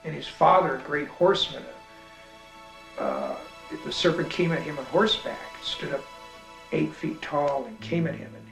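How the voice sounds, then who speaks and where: A man's voice: fairly high pitch, very animated, normal speed, gravelly. Reflective middle-aged man over guitar music. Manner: thoughtful, repeats words as he searches. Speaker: author. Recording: roomy sound with guitar music underneath.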